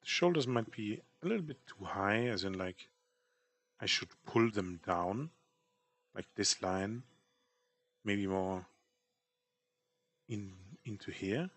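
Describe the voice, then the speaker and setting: Slow, low-voiced man rambling while drawing. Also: expressive, a bit bright. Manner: rambling, self-deprecating. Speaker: artist streamer. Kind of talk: casual chat while drawing.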